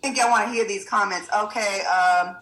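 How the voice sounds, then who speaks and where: A woman's voice: mid-range voice, fairly quick, a bit bright. A woman chatting on a talk show, conversational, reading out viewer comments. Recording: roomy echoey studio clip.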